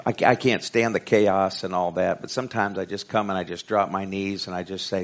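A man with a Southern US accent preaching a sermon. He reads scripture slowly and emphatically, then jokes in a casual way. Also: deep voice, steady tone. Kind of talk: sermon Bible study. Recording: dull lo-fi recording.

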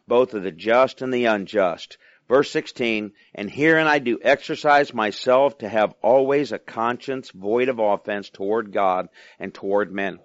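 A man's voice: medium pitch, no echo. Man preaching, chatty, lo-fi sound. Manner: conversational, asks the listeners questions. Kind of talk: sermon.

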